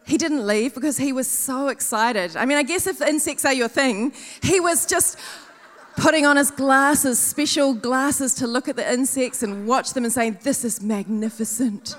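A woman tells animated, self-mocking stories from the stage, acting out her own panic and other people's lines. Her voice sits high, and a long reverb trails behind it in a large hall. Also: moderate pace. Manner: animated, self-mocking storytelling with acted-out quotes. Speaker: conference speaker. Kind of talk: storytelling sermon.

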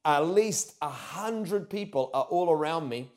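A young man preaching a sermon, telling stories loudly and with energy. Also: on the high side, a little slow. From New Zealand. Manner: loud, animated storytelling with sudden shouts. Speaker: pastor.

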